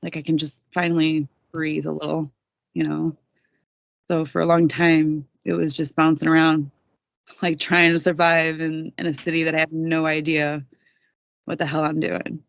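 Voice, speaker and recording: A woman's voice: deep voice, little pitch movement, normal speed, vocal fry, no room sound. A young woman, a podcast guest, telling her story in a candid, casual way, swearing freely.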